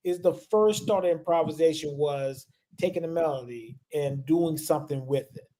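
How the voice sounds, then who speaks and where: A man with a slightly raised voice, co-hosting a casual livestream panel about music. He is an animated storyteller who laughs his way through his tales. He talks over a remote call mic. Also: a little high, moderate pace. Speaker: music teacher and co-host.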